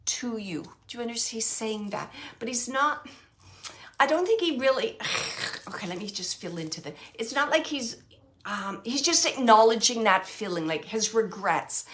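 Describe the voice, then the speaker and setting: Woman medium, bright and forceful tone, soft-spoken, hesitant and earnest, halting with fillers. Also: on the high side, lively intonation. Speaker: psychic medium. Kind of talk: mediumship reading to a sitter.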